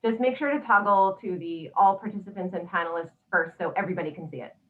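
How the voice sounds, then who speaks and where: A woman's voice: mid-range voice, fast. A woman hosting a webinar, going through housekeeping notes in an orderly, procedural way. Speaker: webinar host. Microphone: video call. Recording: tinny distant video call audio.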